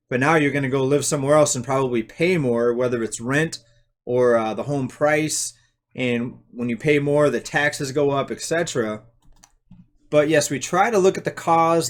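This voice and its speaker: Male host, casual monologue, relaxed and halting, average pitch. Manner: unhurried, with frequent "uh" and restarts. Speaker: host of an economics channel.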